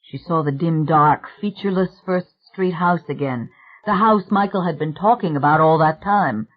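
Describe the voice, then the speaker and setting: A narrator reads a suspense novel in a measured, even manner, the voice pitched mid-range. The recording is thin and tinny, close to a phone line. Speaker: audiobook narrator. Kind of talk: scripted narration.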